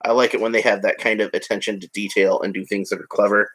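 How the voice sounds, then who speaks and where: Low-voiced chatty man. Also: level tone, quick pace, a bit bright. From United States. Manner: chatty, rambling, joking asides. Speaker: hobby vlogger. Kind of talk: casual narration while building a toy set.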